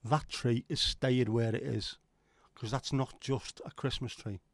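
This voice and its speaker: A man's voice: mid-range voice, fairly even intonation, measured pace, dry recording. A man hosting a livestream, rambling and joking as he chats with viewers and swears casually. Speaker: livestream host. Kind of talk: casual chat reading viewer comments.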